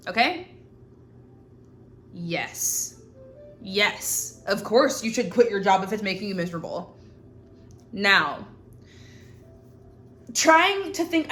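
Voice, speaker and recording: Her voice is fairly high and fairly bright. As host of her own show, she chats to camera in a hot indoor space, offering frank, swear-laden advice in a blunt, girlfriend-to-girlfriend manner.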